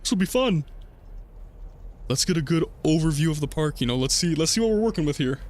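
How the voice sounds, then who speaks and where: A man's voice: a little high, lively intonation, fast, darkish tone. Joking young male game streamer. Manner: reads in-game notes aloud, jokey, laughs. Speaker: gaming streamer. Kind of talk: casual let's-play commentary.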